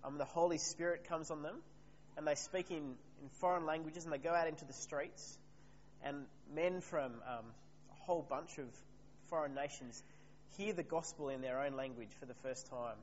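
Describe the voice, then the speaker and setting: A man preaches in a relaxed, conversational way, stopping to put questions to his listeners. His voice sits a little high. The recording has long hall reverb, a slightly muffled tone and a faint hum underneath. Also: moderate pace. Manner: conversational, asks the congregation questions. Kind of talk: sermon.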